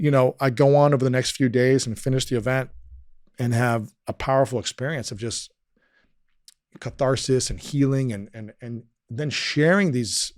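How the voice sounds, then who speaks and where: A man, a podcast guest, telling a personal story in conversation, earnest and emotional, often dropping quiet and slowing down. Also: mid-range voice, no echo, studio quality.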